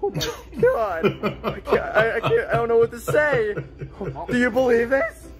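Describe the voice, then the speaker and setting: A man's voice: very high-pitched, sing-song, a little slow, full character voice. A man voicing an incredulous, exasperated adult male puppet father in a comedy puppet show. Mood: shocked. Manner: incredulous, exclaiming.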